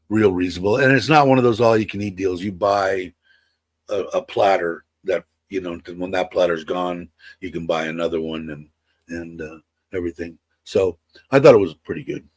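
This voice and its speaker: A man's voice: mid-range voice, no echo. A man in his sixties chatting casually on a livestream, rambling with many fillers and restarts. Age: 60s. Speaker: livestream host. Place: home in Thailand.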